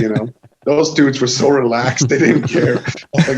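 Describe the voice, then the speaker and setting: A man from Sweden with a Swedish accent, a guest telling a lively anecdote in casual chat and swearing freely. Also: medium pitch, normal speed. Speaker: guest musician. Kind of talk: casual storytelling. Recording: dull lo-fi sound.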